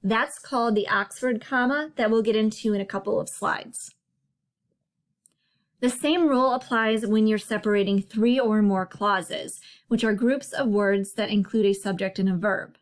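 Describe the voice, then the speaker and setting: A woman narrating a slide lesson as a writing tutor, explaining patiently and slowing down to stress each example. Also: medium pitch. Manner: clear, patient explaining with slow emphasis on examples.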